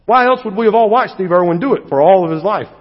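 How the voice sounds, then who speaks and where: A male pastor preaching a sermon with animated, humorous storytelling, recorded in a church hall. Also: high-pitched, quick pace. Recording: dull echoey hall recording.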